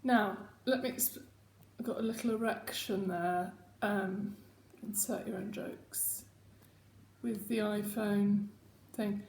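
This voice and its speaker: A woman's voice: medium pitch, fairly even intonation, slow, a little mellow, a little hiss or hum. A woman hosting her own casual video chat, rambling and self-mocking as she talks at home. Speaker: host. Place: home room. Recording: echoey home room.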